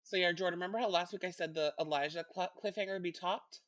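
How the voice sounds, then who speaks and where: A woman's voice: on the low side, quick pace, no echo. A young woman co-hosting a podcast, gushing enthusiastically and swearing casually. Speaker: podcast co-host. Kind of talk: casual recap chat.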